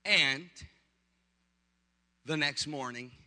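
A pastor preaching with animated, punchy storytelling and comic timing. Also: male voice, on the high side, extremely slow, big-room sound. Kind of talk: storytelling sermon.

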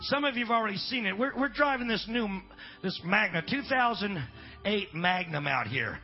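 A middle-aged man preaching a sermon at a church revival, swinging from shouted preaching to chatty storytelling. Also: sits high, expressive, moderate pace, highs cut off. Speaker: pastor.

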